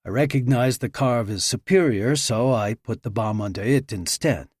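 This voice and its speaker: A man voicing a stocky explosives expert in his late forties who talks in a flat, matter-of-fact way. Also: mid-range voice, moderate pace, husky, no echo, studio quality, lightly acted. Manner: matter-of-fact, casual about violence.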